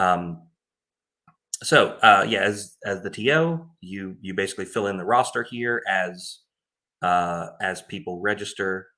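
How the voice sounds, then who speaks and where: A man's voice: sits low, sharp tone. A man who runs tournaments, informally and plainly walking through his scoring tools in a casual screen-share tutorial.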